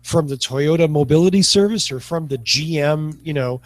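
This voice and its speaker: Animated, rambling man co-hosting a talk show. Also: fairly high pitch, normal speed. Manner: rambling, animated, many restarts. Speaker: podcast co-host. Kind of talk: casual panel chat.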